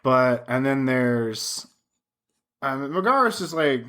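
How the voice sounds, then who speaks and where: Speaking slowly and with animation, a young man with a mid-range, slightly bright voice co-hosts a podcast. The talk is loose and casual; he curses freely and keeps laughing as he performs lines.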